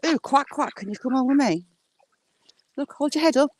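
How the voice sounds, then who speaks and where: A woman's voice: lively intonation, normal speed, a little mellow, slight background noise. Chatty woman cooing at ducks. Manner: chatty, coos at ducks in a high sing-song voice. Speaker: vlogger. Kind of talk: casual walking vlog. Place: outdoors by water. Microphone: handheld phone.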